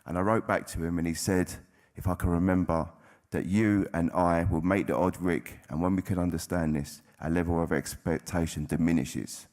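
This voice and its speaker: Deep-voiced man, blunt testimony. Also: steady tone, moderate pace, darkish tone. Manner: blunt, plain-spoken, with frequent swearing. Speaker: recovering addict sharing at a convention. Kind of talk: candid personal testimony to an audience.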